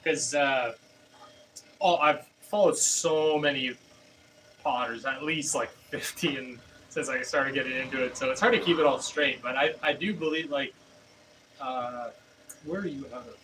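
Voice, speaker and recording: A man's voice: mid-range voice, unhurried, a bit bright. Rambling man, distant mic. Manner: rambling and hesitant, many fillers and restarts. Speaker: pottery livestreamer. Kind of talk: casual chat with live chat while throwing pottery. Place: pottery studio with a wheel running. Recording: distant mic with faint room noise.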